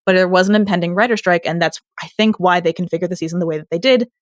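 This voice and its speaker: A woman's voice: lowish voice, rapid-fire, no room sound, studio quality. A woman in her late twenties co-hosting a TV recap podcast in casual chat, chatty and emotional, laughing often. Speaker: podcast co-host.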